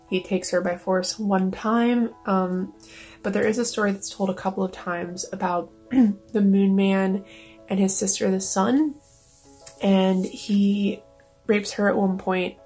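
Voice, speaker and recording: A woman's voice: medium pitch, a little mellow, breathy edge. A woman vlogger talking casually and emotionally, close to tears, with many fillers. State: near tears. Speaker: book vlogger. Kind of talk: casual vlog talk.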